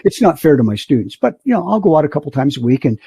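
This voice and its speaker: A fairly high, husky voice at a quick pace comes from an older man who instructs pilots. As a podcast interview guest he tells animated stories, performing the voices of the people involved.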